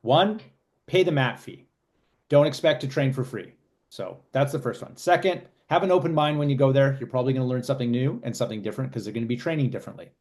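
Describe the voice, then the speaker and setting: A man's voice: mid-range voice, quick pace, darkish tone. Easygoing male co-host summing up. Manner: listens with short backchannels, then sums up in lists. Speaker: podcast co-host. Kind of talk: casual chat, summing up advice.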